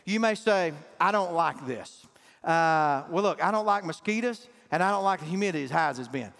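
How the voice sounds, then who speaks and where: A man's voice: high voice, lively intonation, fast, a bit bright. A man preaching a sermon to his congregation, emphatic and calling out to the people. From Southern US. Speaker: pastor. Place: large church sanctuary. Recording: reverberant church hall, faint music.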